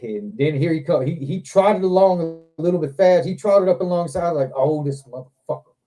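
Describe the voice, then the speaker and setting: Dark-voiced profane storytelling man. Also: sits high, normal speed. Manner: profane, animated storyteller, acts out quotes. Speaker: show host. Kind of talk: casual storytelling chat. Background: other men on a livestream hangout.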